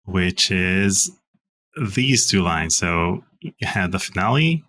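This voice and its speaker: A male interviewer with a very low voice walks his guest through clips and questions. He sets each one up slowly and deliberately. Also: lively intonation, bright, forceful tone. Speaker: host. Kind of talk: interview hosting.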